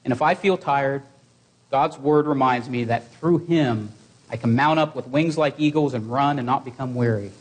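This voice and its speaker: A man preaching a sermon to his congregation in an earnest, exhorting way, with measured pauses. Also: medium pitch.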